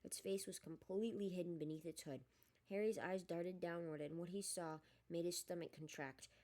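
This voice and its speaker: A woman reading a novel aloud in a steady storytelling manner. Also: on the low side, moderate pace. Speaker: audiobook reader. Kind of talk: storybook narration.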